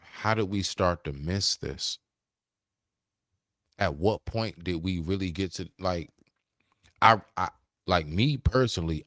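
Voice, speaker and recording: Deep-voiced american guy ranting to his stream viewers, kinda preachy, calls out to chat. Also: a bit bright, no room sound, clean studio sound. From United States. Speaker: livestream host. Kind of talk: casual livestream monologue.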